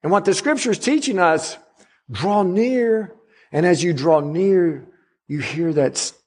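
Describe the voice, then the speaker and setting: A middle-aged man preaching a sermon as a guest pastor, climbing higher and louder on emphatic lines and dropping soft on quiet ones. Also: a little slow, slightly rough. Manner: rises in pitch and volume on emphatic runs, drops soft on quiet points.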